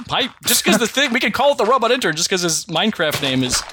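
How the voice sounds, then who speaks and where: A man's voice: high voice, big pitch swings, quick pace, noisy background. A man co-hosting a podcast, playful and teasing in casual gameplay chat. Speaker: podcast co-host.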